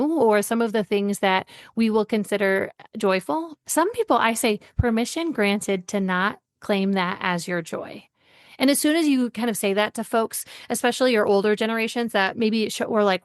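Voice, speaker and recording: A woman leadership coach, a guest on an interview podcast, telling workplace anecdotes and acting out the dialogue. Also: medium pitch. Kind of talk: conversational interview.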